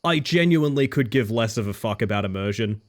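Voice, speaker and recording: A man streaming a video game live, reacting in an animated, sweary way and laughing often. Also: fairly low pitch, a little fast.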